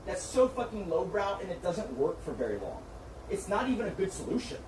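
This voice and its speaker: With a high, sing-song voice and a slightly fast pace, a streamer's manager lectures and swears, insisting on his point in a heated argument. He sounds distant in an echoey room, with faint background noise.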